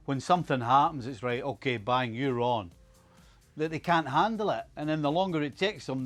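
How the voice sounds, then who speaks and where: An older man with a Scottish accent, a football pundit talking emphatically in casual chat. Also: fairly high pitch. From Scotland. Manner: emphatic, repeats himself.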